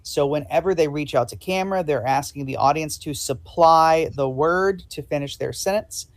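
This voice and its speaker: A man's voice: fairly high pitch, normal speed. A man hosting a live improv show and playing a polite, hesitant casting director. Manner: polite, hesitant with many ums.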